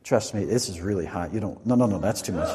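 A man's voice: fairly low pitch, quick pace, a crowd in the background. A man preaching in a church, leading a Passover demonstration and joking playfully with volunteers. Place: church sanctuary.

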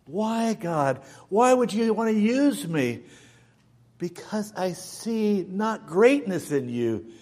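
A man voicing God as a calm, patient deity, speaking softly and gently within his sermon. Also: high voice, slow pace, exaggerated voice. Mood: gentle. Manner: hushed, soft and tender.

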